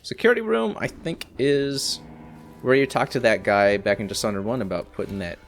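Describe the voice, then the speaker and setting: A man's voice: medium pitch, normal speed, slight background noise. A man giving casual gameplay commentary as a let's play host, rambling with exasperated asides.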